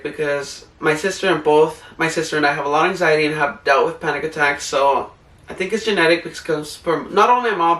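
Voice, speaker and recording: A young man gives heartfelt advice in a rambling, earnest way with lots of "like" fillers. His voice sits high and sounds bright. The room is echoey and the mic is a little far off. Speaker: vlogger. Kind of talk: casual heartfelt advice talk.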